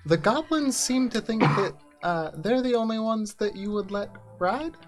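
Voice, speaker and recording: A woman's voice: a little high, animated, moderate pace, soft background music. A woman playing her character in a tabletop game, talking politely and hesitantly with many "um"s. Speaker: player. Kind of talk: in-character tabletop role-play.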